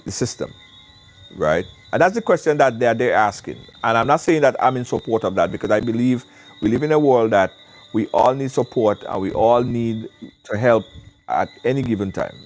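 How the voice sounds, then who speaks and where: A man, hosting a live call-in show, talking casually and emphatically, often repeating words, recorded outdoors in the wind. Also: lowish voice. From Caribbean. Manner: animated, emphatic repetition. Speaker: show host. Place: outdoors, windy.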